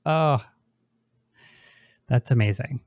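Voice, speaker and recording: Male podcast co-host, slow and unhurried, dry close sound, supportive and agreeable. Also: medium pitch, darkish tone, no echo. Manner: supportive, short agreeing replies. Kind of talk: casual chat.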